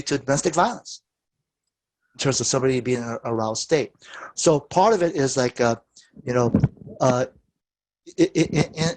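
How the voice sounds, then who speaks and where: A man teaching a therapy workshop, telling lively anecdotes and acting out what people said. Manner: animated storytelling, acts out quoted lines with big pitch jumps. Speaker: therapist and lecturer.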